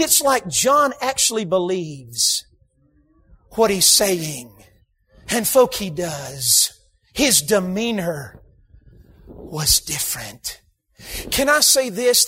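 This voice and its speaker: A man preaching a sermon in a church, emphatic, bursting into shouts for emphasis and slipping in humorous asides. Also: high-pitched. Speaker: guest preacher. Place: church sanctuary.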